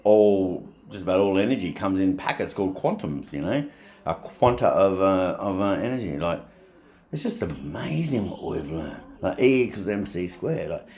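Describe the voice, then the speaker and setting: A man's voice: low-pitched, expressive, normal speed, a little mellow. A middle-aged man with an Australian accent, rambling in a casual, blunt and sweary monologue. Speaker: vlogger.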